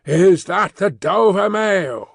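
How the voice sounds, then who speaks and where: A man voicing a hoarse messenger rider who calls out insistently. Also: fairly high pitch, big pitch swings, slow pace, no echo, studio quality, heavily acted. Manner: calling out, insistent.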